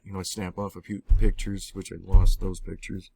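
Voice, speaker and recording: A man being interviewed, telling a personal story in a halting, rambling way with many restarts and some swearing. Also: low voice, flat delivery, creaky, warm tone. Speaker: interviewee recounting personal experiences. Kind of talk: casual spoken storytelling.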